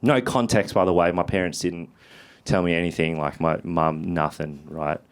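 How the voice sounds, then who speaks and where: A man, performing a stand-up comedy routine with profane, animated storytelling and shouted punchlines. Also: low voice, normal speed, smooth. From Australia. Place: theatre stage with a live audience.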